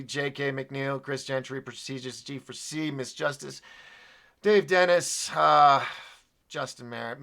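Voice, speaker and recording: Man, live show host, gravelly, bright edgy tone, frustrated rambling. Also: medium pitch. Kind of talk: solo live-stream talk.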